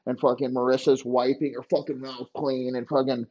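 A man's voice: mid-range voice, flat delivery, normal speed, darkish tone, dull audio. A man hosting a podcast, ranting in a crude, mocking, rambling way. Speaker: podcast host. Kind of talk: crude comedic rant.

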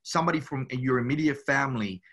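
A man's voice: medium pitch, fast, a bit bright. A man from Cuba, a guest, telling his family story in a rambling, casual way, often saying "you know" and "man".

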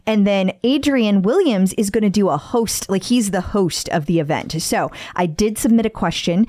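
A woman's voice: medium pitch, moderate pace, dark tone, no room sound. A woman co-hosting a podcast, chatting casually and upbeat, laughing often. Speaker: podcast co-host. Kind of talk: casual chat.

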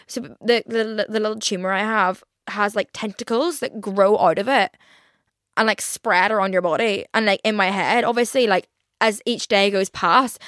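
A woman's voice: medium pitch, a bit bright, no echo, studio quality. A young woman chatting on her own podcast, rambling with lots of "like" fillers and frequent swearing. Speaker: podcast host. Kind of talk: casual solo podcast chat.

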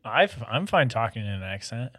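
A man's voice: mid-range voice, big pitch swings, brisk, bright, forceful tone. A laid-back man on a podcast, chatting casually and dropping slangy asides. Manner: laid-back, says "bro" and "dude". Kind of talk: casual chat.

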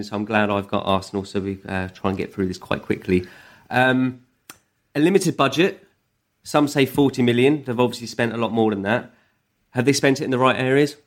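A man co-hosting a casual football podcast, easygoing and rambling, with a lot of ums and the odd swear. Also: fairly low pitch. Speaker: podcast co-host.

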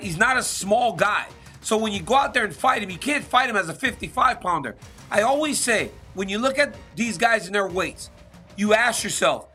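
A man's voice: high-pitched, pushed and bright. A man hosting a sports talk show, answering listener questions in an emphatic, conversational way and often checking in with "right?". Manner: emphatic, keeps asking "right?".

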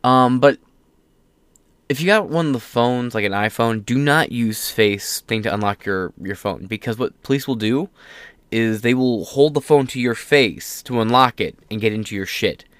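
A political commentary host, solo on his own show, reads the news with offhand swearing, sarcasm and rambling asides, stumbling as he goes. The voice is medium-pitched, clear and resonant at a moderate pace, and the recording is dry.

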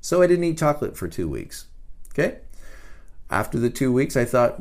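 A middle-aged man hosts a podcast in a casual teaching style. His pitch swings widely and expressively. He often repeats and restarts words as he explains. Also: sing-song, moderate pace, pauses often, a little mellow. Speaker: podcast host.

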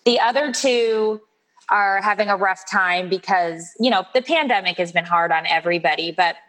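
A woman's voice: medium pitch, moderate pace, a bit bright, rough recording. A woman in her forties chats as an interview guest, spinning stories and slipping into playful voices for the people she quotes. Her voice sits in the middle range. She talks in a loose, conversational way. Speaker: guest author. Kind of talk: casual interview chat.

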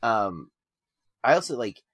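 A man in a casual film review chat, eager and rambling, stumbling over his own sentences. His voice sits at an ordinary pitch. The sound is dry and close, with no room behind it. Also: very animated, slow pace, fairly bright tone, slightly rough, no room sound. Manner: enthusiastic, rambling with frequent restarts.

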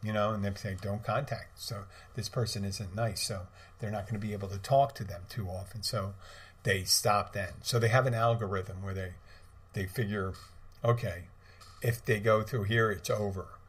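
A man's voice: on the low side, fairly even intonation, normal speed. A middle-aged man hosting a podcast, telling a story in a rambling, casual way with many restarts and asides. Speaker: podcast host.

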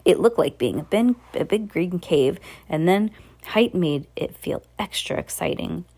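Deep-voiced woman reading a storybook. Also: animated, a little slow, gravelly, dark tone, husky. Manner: earnest, with small slips and restarts. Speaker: reader. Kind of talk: reading a children's novel aloud.

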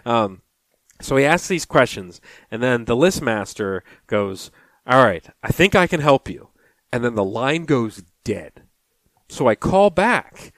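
A man's voice: mid-range voice, big pitch swings, a little slow, fairly bright tone, dry recording. A man co-hosting a podcast, chatting casually and acting out phone calls as he tells a story. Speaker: podcast co-host. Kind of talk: casual chat.

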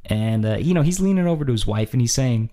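Animated man telling a comic story. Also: mid-range voice, quick pace. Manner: animated, acts out scenes, repeats phrases for effect. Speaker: podcast host telling a story. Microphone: studio microphone.

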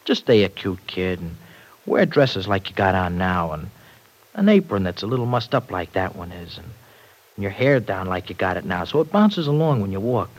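A man's voice: sits low, sing-song, moderate pace, low-quality recording. A slangy tough young guy. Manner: slangy tough-guy talk, dropped grammar. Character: tough streetwise young working-class man. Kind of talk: 1940s radio acting. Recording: old radio broadcast recording.

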